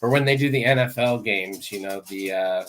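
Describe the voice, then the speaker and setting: A man's voice: fairly low pitch, moderate pace, fairly bright tone, a little hiss or hum. A man talking casually as a real estate agent guest on a podcast, matter-of-fact with some fillers. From Florida.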